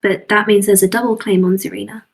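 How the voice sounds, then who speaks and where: A woman's voice: mid-range voice, level tone, fast, gravelly. Woman player at a tabletop game, dry little quips, mid voice. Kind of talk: casual tabletop play, in character.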